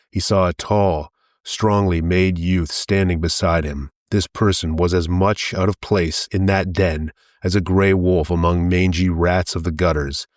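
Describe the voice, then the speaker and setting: A man narrating an audiobook in a measured, steady reading. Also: sits low, no room sound, studio quality.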